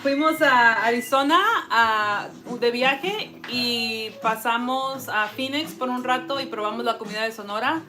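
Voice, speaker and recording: A woman's voice: on the high side, moderate pace, hardly any pauses, low-quality recording. A woman from San Diego co-hosting a casual cooking livestream, chatting in slang and reading out viewer comments. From San Diego, California, USA. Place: home kitchen. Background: background music.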